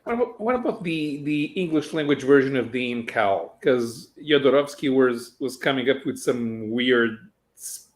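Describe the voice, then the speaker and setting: A man's voice: medium pitch, animated, moderate pace. A man joining a casual chat about comics, asking questions that he stumbles into and chuckling as he talks. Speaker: guest.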